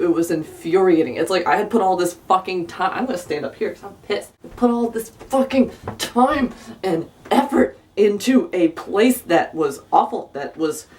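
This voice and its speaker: A young woman from South Jersey, USA, speaks with a medium-pitched, slightly mellow voice. As a vlogger, she tells a storytime as an exasperated, profane, sarcastic rant, and her voice sounds a bit far from the mic.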